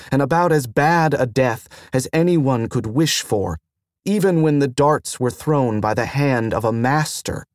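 Slow, measured male audiobook narrator. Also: medium pitch, no room sound, clean studio sound. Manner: measured, even reading. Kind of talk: scripted narration.

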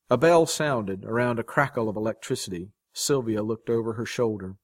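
A man reading a short story aloud as its narrator, in a measured, dramatic way. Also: lowish voice, dry recording, clean studio sound. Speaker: story reader. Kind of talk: scripted narration.

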